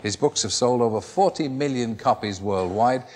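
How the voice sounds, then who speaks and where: A man's voice: mid-range voice, moderate pace, darkish tone. An Irish man hosting a television chat show, asking jokey, teasing questions. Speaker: talk show host.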